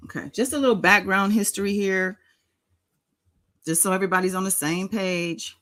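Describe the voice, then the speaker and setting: A woman's voice: medium pitch, fairly even intonation, normal speed, fairly bright tone, rough recording. A woman hosting a casual live stream in a sing-songy voice, greeting her chat members by name. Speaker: livestream host.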